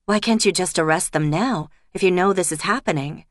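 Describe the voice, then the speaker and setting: A woman's voice: lowish voice, a little fast, dry recording, clean studio sound, natural voice. A woman voicing a young female pub owner who speaks directly and a little impatiently.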